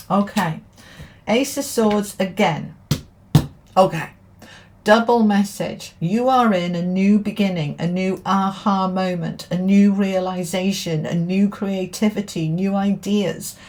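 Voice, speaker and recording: A middle-aged woman with a mid-range, somewhat dark voice gives a casual tarot reading to camera. A tarot reader and spiritual teacher, she chats along the way and keeps checking in with her listeners, asking "okay?" and "all right?"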